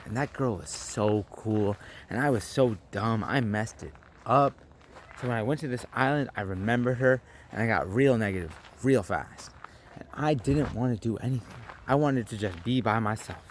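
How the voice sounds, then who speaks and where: A young man vlogging, telling a story with animated delivery and acting out his own lines. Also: medium pitch, slight background noise. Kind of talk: storytelling vlog.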